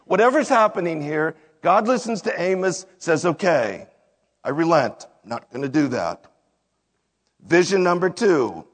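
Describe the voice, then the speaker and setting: Man preaching, slightly high voice, unhurried delivery, scripture reading and plain explanation, hall reverb. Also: sing-song. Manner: reads verses then explains them plainly.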